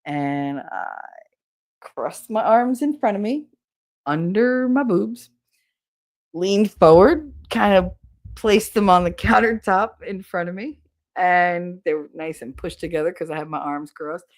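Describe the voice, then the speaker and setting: A woman's voice: lowish voice, a little slow. A middle-aged woman, a podcast co-host, telling stories in a casual, candid and profane way, often quoting others. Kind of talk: casual storytelling.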